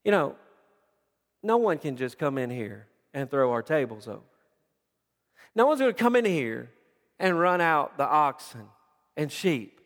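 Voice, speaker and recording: A man's voice: on the high side, sing-song, unhurried, pauses often, a bit bright. A man preaching a sermon with passion, often repeating words as he builds his point. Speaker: pastor. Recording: long reverb of a large hall.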